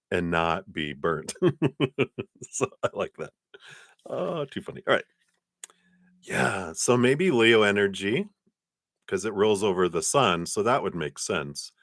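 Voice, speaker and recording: Low-voiced, chatty man reading tarot. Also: a little slow, pauses often, no echo, studio quality. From lives in Colorado. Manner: chatty, laughs often, animated storytelling. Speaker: tarot card reader. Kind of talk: live-streamed tarot reading.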